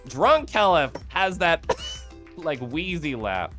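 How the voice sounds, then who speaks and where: A man from the Midwest, hoarse, chatting casually and profanely on a livestream. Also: on the high side, big pitch swings, slow, a bit bright, soft background music. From American Midwest. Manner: loose, profane and chatty with frequent laughs. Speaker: streamer.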